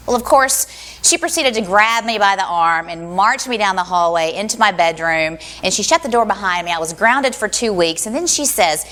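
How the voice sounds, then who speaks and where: A woman's voice: medium pitch, lively intonation, moderate pace, fairly bright tone. A woman telling a personal story on stage in a live storytelling style, acting out the voices she quotes. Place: small stage venue.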